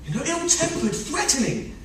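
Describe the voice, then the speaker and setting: A man's voice: extremely high pitch, very animated, moderate pace, fairly bright tone, distant mic, slight background noise, exaggerated voice. An actor playing a harried middle-aged official and overworked family man, pleading and complaining melodramatically in a stage rehearsal, recorded from afar in an echoey room. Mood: weary complaint.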